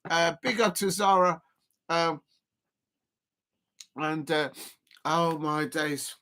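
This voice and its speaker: A football streamer doing a casual live watch-along commentary, rambling, filling pauses with ums and uhs, correcting themself and breaking into excited shouts at near misses. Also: medium pitch. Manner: rambling and self-correcting, full of fillers and laughs.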